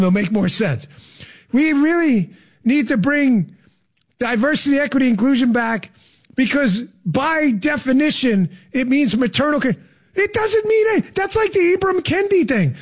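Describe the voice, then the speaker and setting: Brief: incredulous male political talk host, sarcastic, high and swooping delivery. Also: lively intonation, a little slow. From Florida resident. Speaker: radio talk show host. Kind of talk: political commentary.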